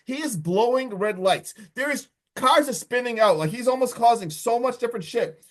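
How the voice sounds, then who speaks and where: A man co-hosting a podcast, recapping a movie in an excitable, slangy way full of "dude" and "like". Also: extremely high pitch, normal speed. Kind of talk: casual podcast chat.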